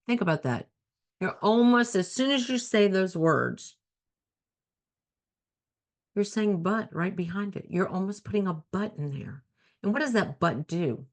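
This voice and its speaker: A woman's voice: medium pitch, animated, measured pace, pauses often. A woman life coach hosting her own talk show, speaking earnestly and conversationally, repeating key phrases for emphasis. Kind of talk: solo talk show monologue.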